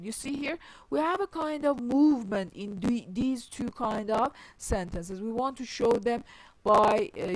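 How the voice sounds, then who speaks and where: A woman's voice: on the high side, no echo, low-quality recording. Dry, close woman lecturing on grammar. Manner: rephrases often with "I mean", deliberate and explanatory. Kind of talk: explanatory lecture.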